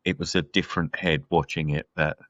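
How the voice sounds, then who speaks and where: A man's voice: extremely low pitch, fairly even intonation, a little fast, a bit bright, no room sound, dull audio. A man co-hosting a podcast, chatting casually about a film and thinking aloud with lots of fillers. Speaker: podcast co-host. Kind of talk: casual film review chat.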